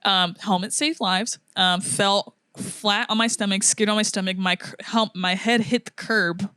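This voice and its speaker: A woman's voice: medium pitch, unhurried, smooth, no room sound. Young woman telling a story, dry close mic. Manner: animated storyteller, acts out quotes, laughs often. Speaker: podcast co-host. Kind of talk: casual storytelling chat.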